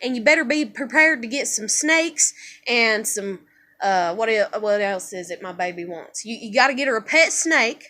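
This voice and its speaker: A woman's voice: fairly high pitch, pushed and bright. A young woman venting in a personal vlog, profane and exasperated as she rants. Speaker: vlogger.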